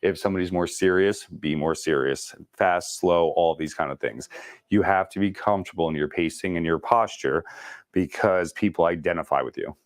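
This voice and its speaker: A man running a casual real estate sales training, talking fast and joking with the group. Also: sits low, no echo, studio quality. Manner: talks fast, chatty and joking.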